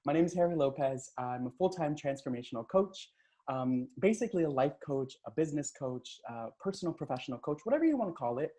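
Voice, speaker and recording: A man leads a live online coaching session, talking into a computer mic on a video call. He is upbeat and hypes up the chat with cheers and quick shout-outs. His voice is warm and mellow. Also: on the high side, animated. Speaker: transformational coach.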